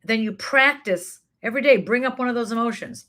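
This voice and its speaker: A woman's voice: a little high, a bit bright. A woman acting coach and talent manager, emphatic and encouraging, answering chat questions in a live online class. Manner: emphatic, encouraging, stacks quick lists.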